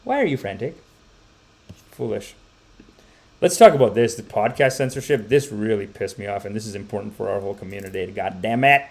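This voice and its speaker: A man hosting a podcast, ranting in animated commentary, swearing and mocking the voices of others. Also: fairly low pitch, brisk. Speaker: podcast host.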